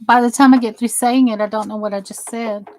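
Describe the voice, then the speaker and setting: A woman's voice: fairly high pitch, steady tone, fairly quick, background noise. Chatty Southern woman crafting. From American South. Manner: chatty, rambling, reads chat aloud while working. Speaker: crafting channel host. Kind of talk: casual craft demo and live chat.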